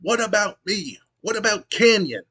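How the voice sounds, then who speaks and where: A brash male wrestler who whines and demands attention from the crowd, as a man reads his lines aloud. The voice is pushed up high and sounds loud and insistent. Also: very animated, moderate pace, husky, heavily acted. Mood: indignant. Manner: whiny, demanding.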